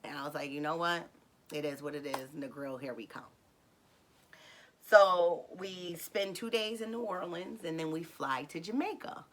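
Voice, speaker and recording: A woman casually telling a personal story, animated, acting out dialogue in sudden high excited bursts, with frequent fillers and self-corrections. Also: normal speed, slight background noise. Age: adult with a son.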